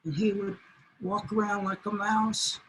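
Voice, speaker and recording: A man telling a traditional animal story aloud in a slow, deliberate way. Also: high voice, flat delivery, fairly bright tone, slightly rough, low-quality recording. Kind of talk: oral storytelling.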